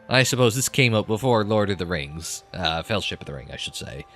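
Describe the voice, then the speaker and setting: A man's voice: on the low side, expressive, fairly quick, hardly any pauses, fairly bright tone, soft background music. A man commentating his game playthrough with sarcastic, sweary asides and reading the dialogue aloud. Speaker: let's play commentator.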